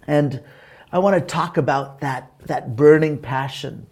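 Slow, earnest male preacher. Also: a little high, a little mellow. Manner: unhurried, earnest, pauses with fillers and restarts; engages remote listeners to repeat words. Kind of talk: sermon with storytelling.

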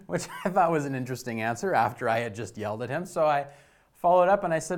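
Middle-aged guy pastor giving a sermon, storytelling, gets loud then goes soft. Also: on the high side, expressive, fairly quick. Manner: storytelling, dynamic swings between emphatic and hushed.

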